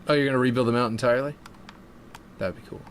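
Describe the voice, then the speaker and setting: Building a game map on stream, a man talks fast in a steady, medium-pitched voice, chatting casually and thinking aloud until his thoughts trail off. There's slight background noise.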